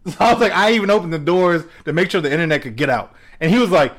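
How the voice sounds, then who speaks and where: A young man casually telling a story, acting out both sides of a phone call, animated and laughing often. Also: high-pitched, quick pace.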